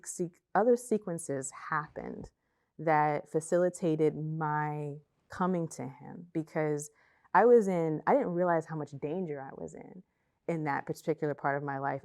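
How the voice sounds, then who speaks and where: A young woman telling her personal faith testimony, emotional and halting, often repeating herself and trailing off. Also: sits low, darkish tone. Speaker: testimony speaker.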